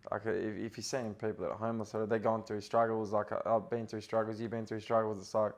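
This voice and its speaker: A man's voice: on the low side, flat delivery, quick pace. An Australian man, a professional footballer, talking casually as a podcast guest and telling stories in a rambling way, full of filler words and restarts. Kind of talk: casual interview chat.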